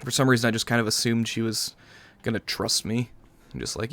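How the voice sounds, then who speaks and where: A man's voice: mid-range voice, steady tone, a little fast, a bit bright, soft background music. A man hosting a casual gaming video, chatting in a sarcastic, rambling way while he plays. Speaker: gaming channel host. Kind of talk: casual let's-play commentary.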